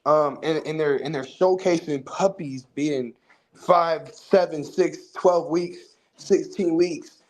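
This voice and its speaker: Earnest podcast guest, higher voice. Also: male voice, slow pace, darkish tone, low-quality recording. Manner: earnest, checks in with "right?". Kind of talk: casual livestream podcast talk.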